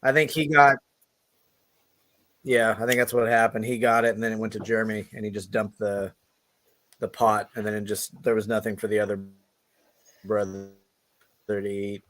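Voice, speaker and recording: A man's voice: lowish voice, flat delivery, moderate pace, long pauses, fairly bright tone. A man co-hosting a podcast in casual chat, hesitant and repeating his words. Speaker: podcast co-host.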